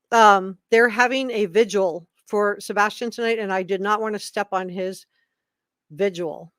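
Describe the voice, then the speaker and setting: A woman's voice: mid-range voice, no room sound. A woman talks straight into a close mic in a dry, dead room. She chats casually as a live stream host, greets viewers by name and keeps apologizing in asides. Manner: chatty, reads viewer comments aloud, apologetic asides.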